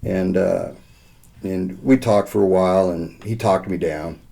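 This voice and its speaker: A podcast co-host who leads a school safety program tells a story in a deep, gravelly, warm voice, taking his time. It's a casual storytelling chat, rambling and heartfelt, full of "uh" and quoted dialogue.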